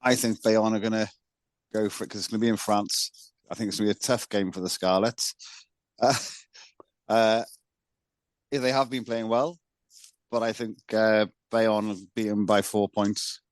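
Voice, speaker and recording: A man chatting casually on a rugby podcast, excitable and blunt, swearing in jest. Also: on the low side, measured pace, pauses often, no room sound. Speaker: podcast co-host. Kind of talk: casual chat.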